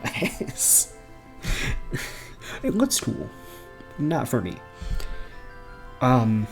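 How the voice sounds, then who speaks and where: A young man rambling excitedly about video games in a casual home vlog, laughing often and swearing casually. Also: medium pitch. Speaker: gaming vlogger. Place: bedroom at home.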